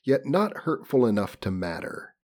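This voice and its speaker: A man's voice: mid-range voice, big pitch swings, normal speed, darkish tone. A man reading a novel aloud on a podcast in a mock-solemn, theatrical manner. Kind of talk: dramatic reading of a book on a comedy podcast.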